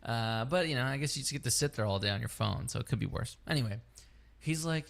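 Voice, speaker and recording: A man's voice: medium pitch, lively intonation, fast talker, vocal fry. A man who co-hosts a podcast, telling a story in casual chat. He swears freely and acts out both sides of the story. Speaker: podcast co-host.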